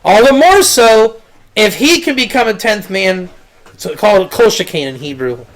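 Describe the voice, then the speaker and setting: A man's voice: high voice, expressive, moderate pace. A man, a rabbi, giving a casual teaching talk, rambling and repeating words, mixing in Hebrew and Yiddish terms. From Israel.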